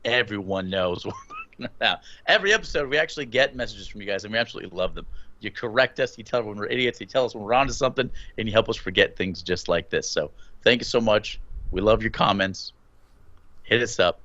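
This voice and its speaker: A man co-hosting a horror movie podcast, talking in an animated, swearing, laughing way. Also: fairly low pitch, fast, dry recording, muffled recording. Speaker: podcast co-host. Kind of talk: casual movie review chat.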